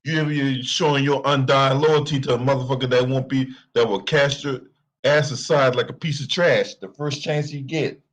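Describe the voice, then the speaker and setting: A man's voice: medium pitch, normal speed. A man hosting a sports commentary channel, talking casually with profanity and mocking laughter.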